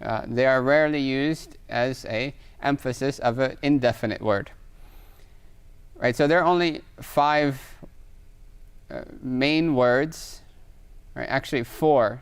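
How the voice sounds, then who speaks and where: A clear, resonant, medium-pitched male voice leads an Arabic grammar lesson recorded online. Patient in his explanations, he reads example sentences in Arabic and frequently adds "right?" to check understanding.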